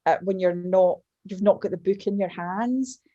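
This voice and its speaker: A Scottish woman in her fifties chats as an interview guest with a mellow, warm tone. She tells her stories in a lively way, cutting herself off and starting again as she goes. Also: mid-range voice, moderate pace, highs cut off. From Scotland. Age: 50s. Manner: lively storyteller, self-interrupting and restarting. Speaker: guest, business mentor and author. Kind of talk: casual chat.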